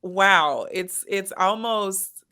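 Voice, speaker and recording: A woman host responding warmly and enthusiastically to her guests, affirming them often. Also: mid-range voice, extremely slow, clear, resonant tone. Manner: affirming and enthusiastic, with frequent "yeah" and "mm-hmm". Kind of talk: interview conversation.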